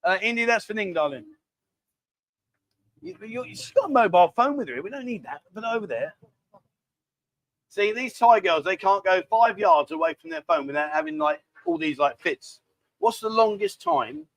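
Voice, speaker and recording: A man's voice: high voice, very animated, normal speed, creaky, long pauses, no room sound. A man hosting a live stream, rambling and bantering casually as he reads out viewer comments. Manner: rambling, chatty, cheeky banter. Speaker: livestream host.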